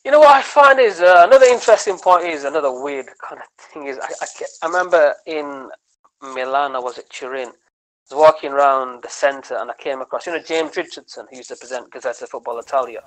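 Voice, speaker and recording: A man, a comedian guesting on a podcast, telling animated, rambling stories in casual chat and tagging his lines with "man" and "right?". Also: on the high side, brisk, rough recording. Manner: animated storytelling, rambling with many restarts.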